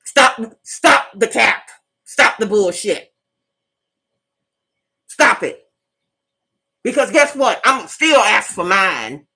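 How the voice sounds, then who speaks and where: A woman's voice: mid-range voice, sing-song, slow pace, vocal fry, long pauses, pushed and bright, slightly rough. A middle-aged woman, hosting her own channel in a fiery, profane monologue that hammers points home by repeating them. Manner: fiery, preachy, profane, repeats herself for emphasis. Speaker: channel host. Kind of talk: impassioned monologue.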